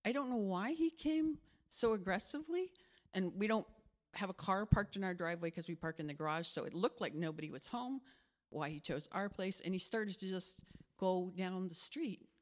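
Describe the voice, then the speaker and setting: Speaking at normal speed in a medium-pitched voice, a middle-aged woman pastor shares a personal story during a conversational sermon. She tells it with animation, performing the quoted voices.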